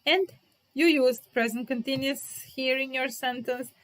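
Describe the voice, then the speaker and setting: A woman teacher giving a live grammar lesson, speaking, repeating example sentences slowly and talking to viewers in the chat by name. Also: high-pitched, fairly even intonation, fairly bright tone. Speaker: English teacher.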